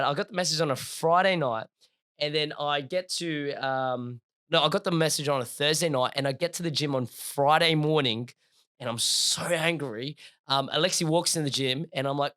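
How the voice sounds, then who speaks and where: A man's voice: fairly high pitch, a little fast, no room sound. Young aussie guy spinning a yarn on a podcast, slangy and laughing, dry close sound. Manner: animated, laughing storyteller, slangy. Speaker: podcast co-host. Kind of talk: casual storytelling chat.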